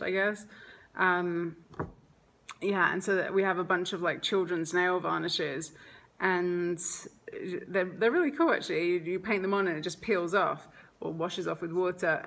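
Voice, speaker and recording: Mom vlogger lady just chatting, kinda low voice, rambly, says like and um a lot. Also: gravelly, a bit bright. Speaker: mother vlogger. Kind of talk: casual vlog chat.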